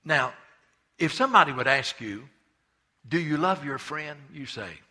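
A male pastor preaching a fervent sermon. His voice is very bright and a little husky, and it sits somewhat high for a man. He swings between loud, impassioned calls and quiet, hushed asides. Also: animated, a little slow.

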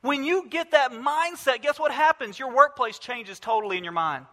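A man's voice: very high-pitched, normal speed, bright, forceful tone, in a large hall. A male pastor preaching a sermon, emphatic, with repeated phrases and rhetorical questions.

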